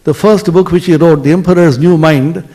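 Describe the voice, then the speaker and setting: A man giving a spiritual lecture, telling stories expressively and dropping to soft tones for emphasis. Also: a little high, normal speed.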